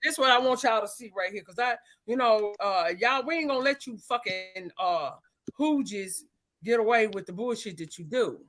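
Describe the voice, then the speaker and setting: A woman hosting a live chat, cursing heavily and ranting angrily, at times breaking into shouts. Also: on the high side, normal speed. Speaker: livestream host. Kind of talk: profane angry ranting chat.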